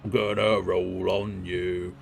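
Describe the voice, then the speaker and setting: A man putting on a silly voice for a chunky, boastful male monster warrior, bragging playfully and yelling. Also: sits low, little pitch movement, slow pace, creaky, a little hiss or hum, full character voice.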